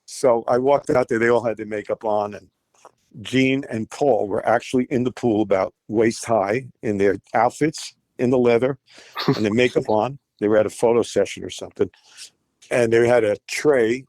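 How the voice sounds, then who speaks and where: A man's voice: medium pitch, normal speed, no room sound. Older man telling stories animatedly. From United States. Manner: animated, acts out quoted voices. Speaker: guest musician. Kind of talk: storytelling interview.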